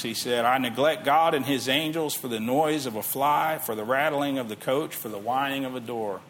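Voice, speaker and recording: A middle-aged man with a slightly high, somewhat bright voice preaches a sermon in a conversational way. As pastor, he reads scripture aloud and asks his listeners questions.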